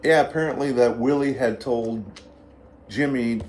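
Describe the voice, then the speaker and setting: A man's voice: medium pitch, measured pace, a little hiss or hum. A blues guitarist, a man, telling stories in a casual interview and acting out the voices of the people he quotes. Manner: lively anecdotal, acts out quoted voices. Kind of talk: casual storytelling.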